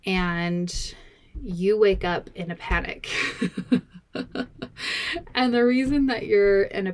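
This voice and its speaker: A woman hosts her podcast in an easy, chatty way, bubbly and quick to laugh. She speaks slowly and unhurriedly. A slight breathlessness runs under her words. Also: mid-range voice, darkish tone. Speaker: podcast host. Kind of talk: casual podcast talk.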